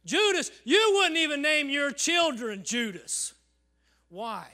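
A man preaching a sermon in a church service, swinging from loud calls to hushed near-whispers and calling "Amen?" to the congregation. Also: very high-pitched, big pitch swings, slow pace. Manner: acts out congregants in quoted voices, asks the crowd "Amen?".

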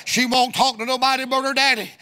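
High, bright-voiced preacher man. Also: level tone, fast talker, smooth. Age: middle-aged. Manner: folksy, sing-song preaching cadence that rises into shouts. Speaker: evangelist preacher. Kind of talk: sermon storytelling.

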